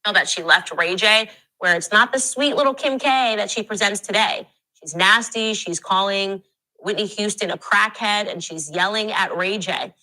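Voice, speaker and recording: A woman's voice: medium pitch, normal speed, pushed and bright, low-quality recording. A woman commentator in a played clip, delivering pointed, accusing remarks.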